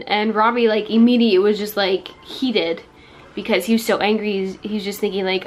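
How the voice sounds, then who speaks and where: A woman talks to her viewers in a casual storytime vlog. Her retelling is chatty and quick. She slips into other people's quoted words as she goes. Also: medium pitch, steady tone. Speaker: vlogger.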